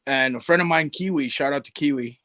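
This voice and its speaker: A man talking as a guest on a live stream, telling a story in a relaxed way and quoting his friends. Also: a little high, brisk, no echo. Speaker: toy collector guest. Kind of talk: casual chat on a live stream.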